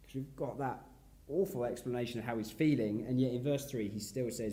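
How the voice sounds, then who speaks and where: A man preaching an expository sermon in a reflective way, his voice sinking softly at the ends of phrases. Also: mid-range voice, brisk. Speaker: pastor.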